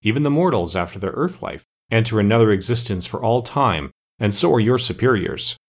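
A man's voice: fairly low pitch, animated, a little fast. A man voicing a grave, commanding ancient immortal master of the forests in a storybook reading. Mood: stern. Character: stern ancient male immortal master woodsman.

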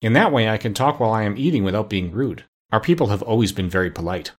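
A man's voice: lowish voice, expressive, quick pace. A man doing a shy, polite two-headed beast. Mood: timid. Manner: timid, gentle, polite.

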